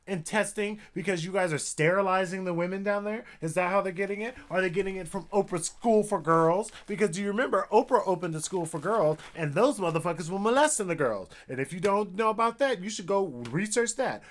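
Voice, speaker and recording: A man vlogging a heated commentary rant, talking in a profane, conversational way. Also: high voice. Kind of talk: ranting commentary vlog. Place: Seattle, Washington.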